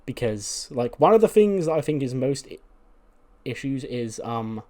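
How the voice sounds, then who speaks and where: A man's voice: medium pitch, sing-song, moderate pace, mellow. Casual rambling male game narrator. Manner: loose, rambling, many "like"s and restarts. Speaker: let's-play creator.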